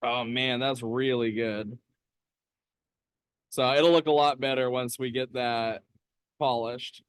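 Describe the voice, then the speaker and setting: A man's voice: mid-range voice, fairly even intonation, slow pace, clear, resonant tone, no room sound, clean studio sound. A man co-hosting a casual live stream from a lapidary shop, upbeat and chatty as he answers viewers. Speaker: co-host of a live rock-cutting stream.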